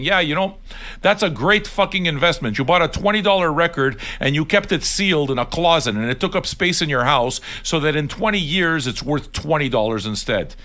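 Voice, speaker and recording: Older male streamer, fairly high voice with bright tone; blunt, sweary, argumentative casual rant. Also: animated, normal speed. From Neapolitan heritage. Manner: blunt, sweary and argumentative, addressing viewers directly. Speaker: livestream host. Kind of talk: profane casual rant on a livestream.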